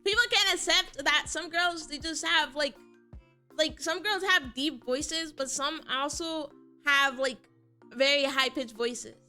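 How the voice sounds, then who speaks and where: A woman's voice: high voice, unhurried, bright, forceful tone, soft background music. A young woman VTuber chatting casually on stream, answering chat and laughing often.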